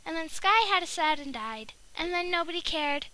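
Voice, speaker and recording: A young woman with a very high voice tells a silly, rambling made-up story. Her tone is sharp and bright, and her delivery is playful and giggly, with quick character voices. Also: animated.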